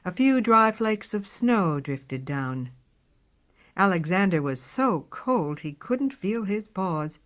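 A woman reading a storybook aloud in a slow, expressive way. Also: mid-range voice. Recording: dull lo-fi recording.

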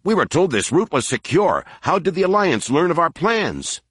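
A stout, scornful smuggler, raised higher and louder with indignant demands, as a deep-voiced male narrator puts him on. The audiobook sound is dry. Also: very animated, moderate pace, breathy edge, dry recording, exaggerated voice.

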